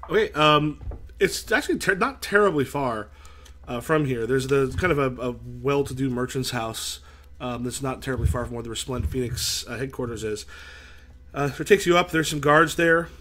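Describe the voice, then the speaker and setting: A man's voice: medium pitch, fairly bright tone, a little hiss or hum. A man narrating as game master of a tabletop role-playing session, often restarting his sentences. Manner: halting, restarts sentences, slips into character voices.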